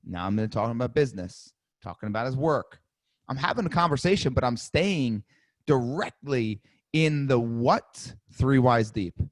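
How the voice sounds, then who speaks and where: Male sales coach, mid-pitched voice, dry recording, lively and demonstrative. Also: normal speed, no room sound. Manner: energetic, demonstrative, acts out sales calls. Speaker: real estate coach. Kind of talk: live webinar teaching.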